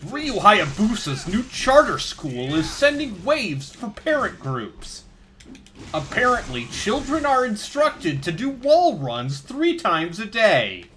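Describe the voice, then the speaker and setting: Guy doing a bad pompous news reporter voice, slow, dramatic, bright and high. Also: wildly swooping pitch, full character voice. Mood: mock-serious.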